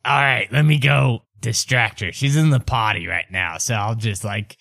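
A man voicing a sheepish, bumbling older husband in a tabletop game, slow and rambling. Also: medium pitch, vocal fry, a bit bright, no room sound. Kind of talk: tabletop role-play voicing.

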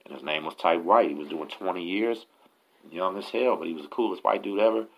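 A man's voice: low voice, a little fast, creaky, lo-fi sound. A man with a Texan accent telling prison stories as host, in a casual, profane, slangy street manner. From Texas, USA. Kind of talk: casual storytelling.

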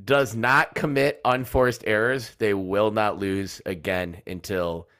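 A man's voice: on the low side, fairly even intonation, takes it slowly, fairly bright tone. A man co-hosting a casual sports podcast, joking and rambling, often breaking into laughter. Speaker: podcast co-host.

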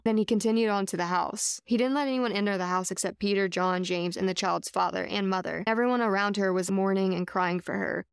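A woman's voice: mid-range voice, fairly even intonation, moderate pace, clear, resonant tone, no room sound, studio quality. A woman sharing a heartfelt personal faith story on a podcast, earnest and chatty, with lots of casual fillers. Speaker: podcast co-host.

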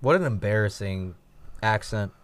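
A man's voice: lowish voice, lively intonation, normal speed. A man in a casual chat with friends, making short, blunt, crude quips.

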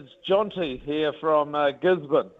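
Brief: man doing a friendly Kiwi bloke on the phone, New Zealand accent, voice raised noticeably higher, tinny phone sound. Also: a little slow, close to an everyday voice. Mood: cheerful. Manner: friendly, chatty, rambling. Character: cheery rural New Zealand man phoning to wish luck. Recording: phone-like lo-fi line.

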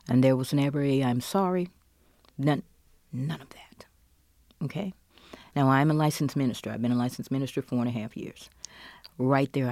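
A middle-aged woman, a guest telling of her loss, swinging between loud outbursts and hushed whispers. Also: low voice, no echo, clean studio sound. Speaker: interview guest, bereaved mother. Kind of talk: emotional personal testimony.

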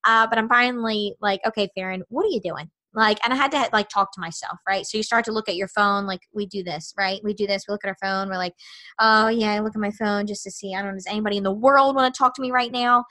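A woman hosting a podcast, telling a personal story in a chatty, animated way and acting out her own thoughts. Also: mid-range voice, quick pace. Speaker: podcast host.

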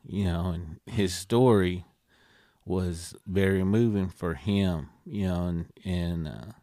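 A man co-hosting a podcast, telling a story in a rambling, halting way with many fillers. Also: low-pitched, mellow, no room sound, studio quality. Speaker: podcast co-host. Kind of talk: casual storytelling chat.

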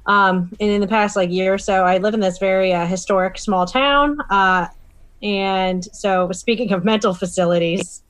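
A woman's voice: fairly low pitch, no room sound. A woman in casual chat, reacting and telling a story in a talkative way.

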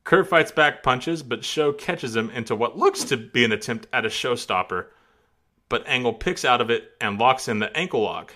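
A man's voice: medium pitch, animated, moderate pace, pushed and bright. A man on a casual podcast reading a match recap play by play, often breaking into laughs.

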